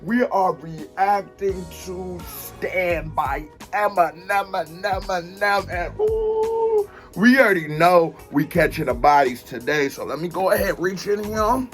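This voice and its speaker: A man hosting a casual reaction video, talking in an animated, joking and playful way. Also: high voice, measured pace, hardly any pauses, soft background music. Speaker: host reacting to a music video.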